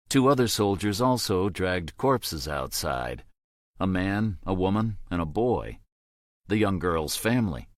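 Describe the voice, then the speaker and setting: A man reading a thriller audiobook in a measured, grave storytelling manner. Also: sits low, no room sound, clean studio sound. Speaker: audiobook narrator. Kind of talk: scripted narration.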